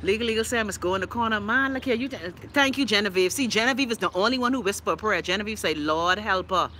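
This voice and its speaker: A woman's voice: mid-range voice, fast, sharp tone, a little hiss or hum. A woman from the Bahamas with a Bahamian accent, chatting on a live stream, reading viewer comments in an outspoken, sassy, profane way and laughing often. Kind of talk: casual live-stream chat.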